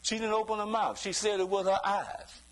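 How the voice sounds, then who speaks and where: High-voiced man preaching, full of "you see?". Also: flat delivery, moderate pace, rough recording. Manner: conversational preaching with frequent rhetorical "you see?"; chuckles between points, acts out quoted voices. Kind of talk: sermon.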